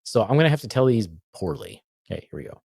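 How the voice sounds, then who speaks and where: A man's voice: mid-range voice, sing-song, fast, gravelly, a little mellow, slightly rough, dry recording, studio quality. A man hosting a casual comedy podcast, reading jokes and cursing at his co-host in mock anger. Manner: profane, teasing, mock-angry.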